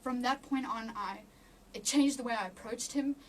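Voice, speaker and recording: A woman giving an emotional personal testimony in an interview, halting with many restarts and near tears. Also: on the high side, recorded from a distance, slight background noise. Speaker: interview guest.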